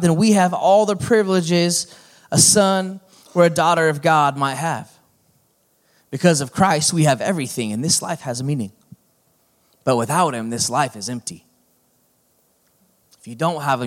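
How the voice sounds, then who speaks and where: A middle-aged male pastor preaching a sermon in a folksy, conversational manner that builds to emphatic points. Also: medium pitch.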